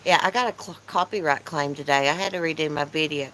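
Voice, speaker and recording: A woman's voice: sits low, fast talker, a bit bright, rough recording. A woman hosting a casual livestream chat from her porch, teasing and reading comments aloud. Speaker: channel host. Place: porch outdoors.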